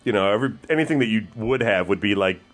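A man in casual podcast chat, talking haltingly with restarts and blunt, profane denials. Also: on the low side, animated. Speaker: podcast regular.

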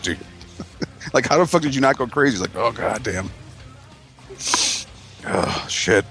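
A man trading profane jokes in a relaxed podcast chat. His voice is bright and forward, and it rises and falls a lot as he talks. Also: medium pitch, normal speed, pauses often, soft background music. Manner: joking, profane. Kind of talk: casual chat.

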